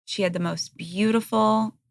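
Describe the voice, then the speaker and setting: A woman's voice: medium pitch, steady tone, unhurried, no room sound, studio quality. A woman in her thirties, a podcast guest speaking openly and frankly in conversation. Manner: open, frank, occasionally blunt. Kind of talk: candid conversational interview. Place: podcast studio.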